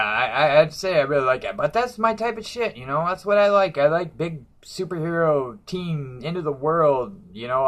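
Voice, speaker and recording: A man's voice: medium pitch, fairly bright tone. A man ranting casually about comic books in a brash, profane, mocking way. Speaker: comic book reviewer.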